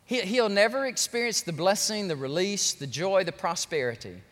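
A man preaching a sermon as pastor, animated and joking, speaking straight to his congregation. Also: high-pitched, normal speed. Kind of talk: lively sermon. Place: large church sanctuary. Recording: long church hall reverb.

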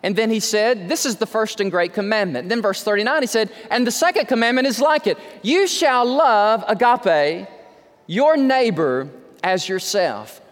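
A male pastor preaching a sermon, slowing down to stress key words and acting out quoted conversations. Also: lively intonation. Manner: acts out quoted conversations with raised pitch. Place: church sanctuary. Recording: long hall reverb.

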